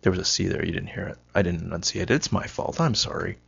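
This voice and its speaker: A man's voice: sits low, fast talker, vocal fry, fairly bright tone, husky, no echo. A man giving a rambling, self-mocking solo monologue, wry and punchy, on a dull lo-fi recording.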